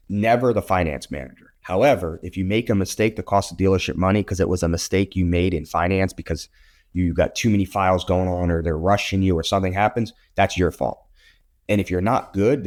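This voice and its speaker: Man, very low voice, blunt casual storyteller, swears, guest on an interview. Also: a little mellow. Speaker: podcast guest, real estate photographer.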